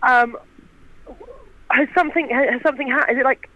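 A woman's voice: high-pitched, steady tone, pushed and bright, lo-fi sound. A woman from Portsmouth, a comedian guest, chatting casually with dry, playful jokes. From Portsmouth, England. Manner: dry, playful, quick to joke. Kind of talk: casual chat.

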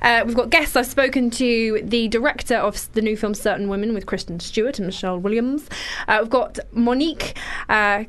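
A woman's voice: on the high side, fairly quick, fairly bright tone. A woman hosting a casual radio film show, chatty and informal.

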